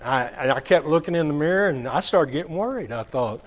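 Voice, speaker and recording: A man giving a testimony sermon, telling his story in a folksy way with drawn-out emphasis. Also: fairly high pitch, expressive. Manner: quotes others in acted voices. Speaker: lay preacher giving testimony.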